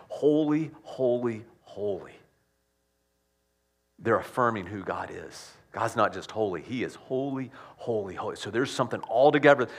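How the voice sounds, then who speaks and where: Male pastor preaching, emphatic with loud rises and quiet drops, chatty asides, repeats for effect. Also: medium pitch. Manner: conversational asides and repetitions. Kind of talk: sermon.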